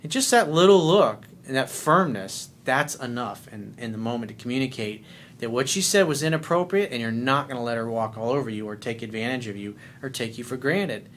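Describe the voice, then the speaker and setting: Man, dating coach, blunt, profane, acts out scenes, faint rumble behind. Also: expressive, fairly quick, a bit bright. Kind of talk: answering a listener's letter.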